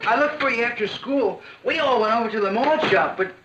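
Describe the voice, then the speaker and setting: A man's voice: very high voice, animated, fairly quick, over music. An actor playing an earnest, jealous teenage boy sulking over his girlfriend in a 1960s TV sitcom. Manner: sulky, earnest. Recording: dull 1960s TV sound.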